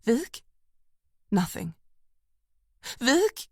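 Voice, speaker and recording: A tense woman detective in an audiobook thriller, talking in short, breathless, urgent bursts, as a woman narrator voices her. The voice sits noticeably higher than the narration, and the sound is dry and close. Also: very animated, extremely slow, breathy edge, no echo, full character voice.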